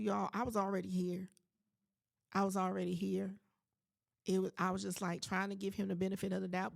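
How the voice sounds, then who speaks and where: Gravelly-voiced woman telling a story. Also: mid-range voice. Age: 40s. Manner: animated, emphatic, addresses listeners directly. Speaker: podcast host. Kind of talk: casual storytelling monologue to listeners.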